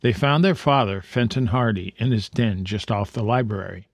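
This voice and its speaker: A man reading a children's adventure book aloud in a calm, even way. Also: fairly low pitch, moderate pace, dry recording, studio quality. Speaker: storyteller.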